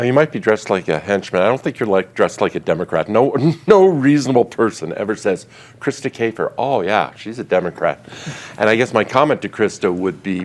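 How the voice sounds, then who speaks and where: A man's voice: fairly low pitch, creaky. A man who is a political strategist, giving a wry, analytical take on a panel. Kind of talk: panel discussion.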